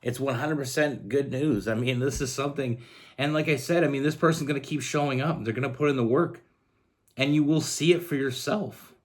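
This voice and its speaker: A man's voice: mid-range voice, fairly quick. A man from Canada giving a casual tarot love reading, earnest and rambling with frequent restarts. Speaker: tarot reader.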